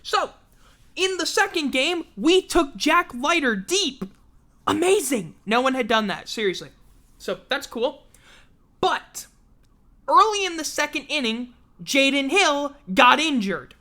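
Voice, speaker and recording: A woman with a drawl rants through a casual livestream sports recap, cursing freely and sounding exasperated. Her voice is bright and forceful and sits a touch high. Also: big pitch swings, a little slow. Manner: profane, exasperated ranting. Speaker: sports talk show host.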